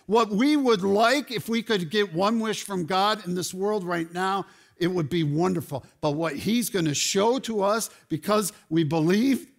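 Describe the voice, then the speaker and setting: Male pastor, high voice, unhurried sermon delivery with loud animated peaks. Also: vocal fry. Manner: animated preaching, rising to loud exclamations. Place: church sanctuary.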